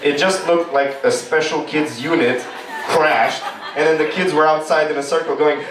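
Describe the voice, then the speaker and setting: A man's voice: a little high, moderate pace, background noise. A man from Romania, doing stand-up comedy on a club stage in a loose, rambling storytelling way. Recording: echoey room, distant mic.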